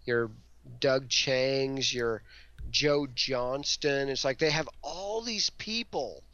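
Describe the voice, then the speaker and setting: A man's voice: mid-range voice, slow pace, fairly bright tone, no room sound. Joking man, dull lo-fi sound. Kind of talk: casual panel chat.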